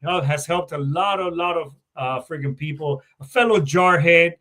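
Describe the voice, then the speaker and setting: A man's voice: a little high, moderate pace, pushed and bright. A man who is a Marine veteran, hosting a podcast in a loose, rambling, joking way with plenty of swearing. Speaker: podcast host. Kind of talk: casual podcast chat.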